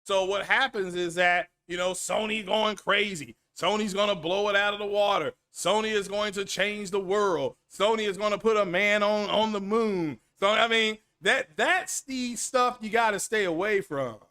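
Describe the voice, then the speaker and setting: A middle-aged man with a smooth, high voice speaks at a moderate pace with few pauses while hosting a casual solo gaming talk stream. Animated and rambling, he repeats himself and reads chat names aloud as he answers chat.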